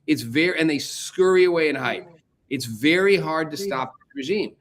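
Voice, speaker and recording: Man, show host, fairly high pitch, emphatic, repetitive, political debate. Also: animated, moderate pace. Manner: emphatic, repeats key phrases for force.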